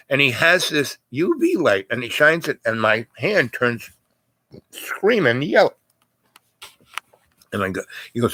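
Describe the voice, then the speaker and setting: A man's voice: mid-range voice, huge pitch swings, unhurried, long pauses, bright, forceful tone, husky, no room sound. An older man telling a long personal story in a loose, rambling way, full of fillers and asides. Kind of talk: casual spoken storytelling.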